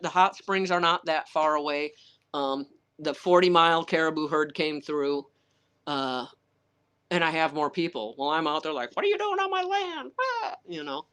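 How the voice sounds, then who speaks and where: A woman's voice: lowish voice, fairly bright tone, clean tone. A woman author answering viewer questions on a livestream, telling candid, rambling stories in a blunt, salty way and acting out what other people said. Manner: blunt, salty, rambling anecdotes with occasional swearing; acts out other people's words in quoted voices.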